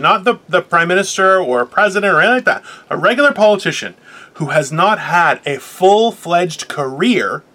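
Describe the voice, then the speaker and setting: A man co-hosting a casual podcast over a video call, talking in profane, opinionated, animated rants. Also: on the high side. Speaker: podcast co-host. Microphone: remote video call.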